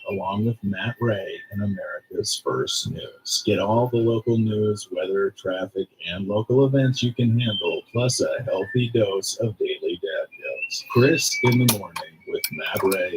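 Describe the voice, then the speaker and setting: Male station producer, upbeat promo read, slightly low voice. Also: a little hiss or hum, rough recording. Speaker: radio producer.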